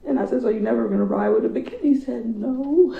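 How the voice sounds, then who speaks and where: A tearful woman speaking to a courtroom in a halting, grief-stricken way, her voice breaking, recorded as echoey, muffled courtroom audio. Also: a little high, vocal fry. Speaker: victim's relative giving a statement in court. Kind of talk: emotional victim impact statement.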